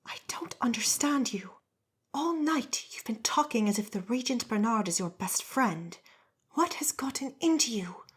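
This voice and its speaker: A woman's voice: fairly high pitch, animated, slow pace, hardly any pauses, a little mellow, breathy edge, pitched above the performer's own voice, exaggerated voice. A woman whispering as a hissing, nervous noblewoman. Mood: urgent. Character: nervous noblewoman wife, urging her husband away.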